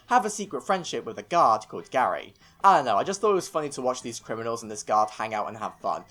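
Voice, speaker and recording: English guy doing a scripted show review, really lively up and down voice, sarcastic and opinionated. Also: mid-range voice. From England. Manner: opinionated, with sarcastic mini-rants. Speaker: film and TV reviewer. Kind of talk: scripted video review narration.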